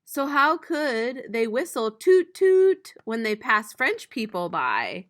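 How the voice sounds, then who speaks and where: Slow, playful woman reading to children. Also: a little high, very animated. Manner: slow, playful reading with bright, loud animal-sound imitations. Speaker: teacher. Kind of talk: picture book read-aloud for students.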